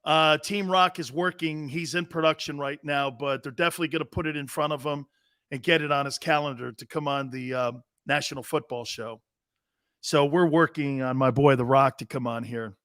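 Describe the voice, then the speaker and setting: A middle-aged man hosting a sports talk show, rambling and telling stories with loud bursts and laughter. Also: fairly high pitch, moderate pace, no room sound, clean studio sound. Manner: loud, excitable, storytelling with bursts of shouting and laughter.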